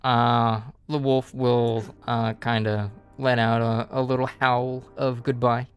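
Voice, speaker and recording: A man narrating as dungeon master of a tabletop game, relaxed and casual, with quiet music behind. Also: medium pitch, slow, clear, resonant tone.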